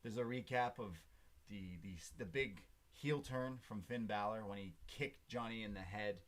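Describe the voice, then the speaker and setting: A man's voice: lowish voice, normal speed. A man co-hosting a podcast, casually recapping a wrestling show with jokes and frequent fillers. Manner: joking, recaps with lots of fillers. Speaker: podcast co-host. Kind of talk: casual wrestling review chat.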